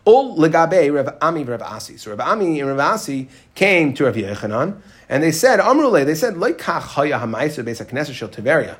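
Animated man teaching a Talmud lesson. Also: a little fast. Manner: reads Aramaic text then explains in English, animated rises in pitch. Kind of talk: Gemara lesson, reading and explaining.

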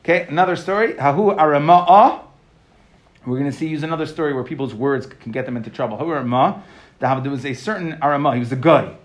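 Guy teaching talmud, reads a line then explains it chatty and animated, voice a bit on the high side. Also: fast. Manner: reads each phrase, then explains it casually; lively with modern asides and questions. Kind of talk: Talmud class.

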